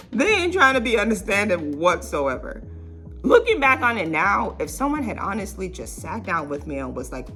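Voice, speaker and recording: A woman's voice: fairly high pitch, sharp tone. A young woman vlogger telling a childhood story in a casual, rambling way, full of fillers and little laughs.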